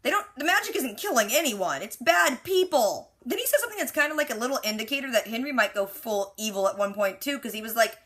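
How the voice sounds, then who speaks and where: Woman, casual TV recap, bright voice, chatty, sarcastic asides. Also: fairly high pitch, animated, fast, few pauses. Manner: quotes characters with lots of "like". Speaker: TV reaction recapper.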